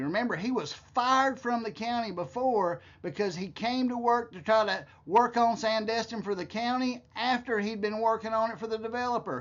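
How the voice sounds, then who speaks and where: A man's voice: high-pitched, lo-fi sound. A man giving heated, scornful commentary, ranting with profanity. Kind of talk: angry commentary.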